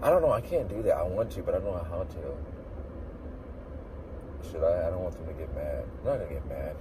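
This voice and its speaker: A man chats and rants from the driver's seat, his voice swinging from mutters to loud outbursts. He talks into a phone he holds in one hand. Faint traffic hums outside the car. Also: sits low, a little fast, far from the mic. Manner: animated ranting, sometimes loud outbursts. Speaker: vlogger. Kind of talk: casual car vlog chat. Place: inside a car at a drive-thru. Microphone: phone held in hand.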